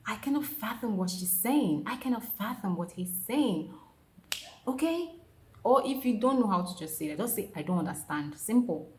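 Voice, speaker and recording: A woman teaching pronunciation in a casual video lesson, lively and coaxing, drilling each word by repetition. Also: lowish voice, moderate pace, a little hiss or hum. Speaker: pronunciation tutor. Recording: roomy echo.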